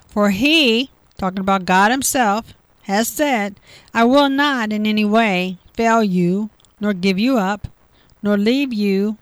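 A woman's voice: medium pitch, dry recording. Woman doing a bible devotional, reads a verse then explains it, repeats stuff a lot, dry close sound. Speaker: Bible teacher. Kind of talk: devotional Bible reading and commentary.

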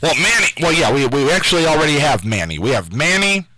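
A man's voice: a little high, sing-song, fast, pushed and bright, slight background noise, low-quality recording. A man hosting a call-in radio quiz show from a station studio, taking callers and spelling out names letter by letter.

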